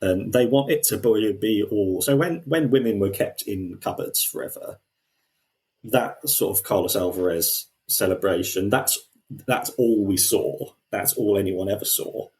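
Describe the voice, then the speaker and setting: A man co-hosting a podcast, talking in an animated way with many restarts and acted quotes. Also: fairly low pitch, unhurried. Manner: animated, quotes people in put-on voices, frequent restarts. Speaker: podcast co-host. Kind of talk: casual discussion.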